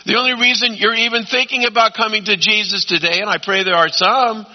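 A man preaching a sermon as pastor, emphatic, swinging between loud urging and quiet asides. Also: high-pitched, steady tone, a little fast. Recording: dull lo-fi sound.

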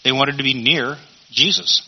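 A man's voice: medium pitch, moderate pace. A man teaching a Bible study in a conversational sermon style, often asking rhetorical questions. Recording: dull lo-fi recording.

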